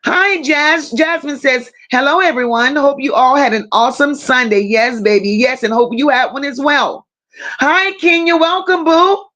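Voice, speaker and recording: A woman hosting a casual livestream speaks at a moderate pace in a high, fairly bright voice. One viewer after another gets a pet name like baby or boo, all in dull lo-fi sound.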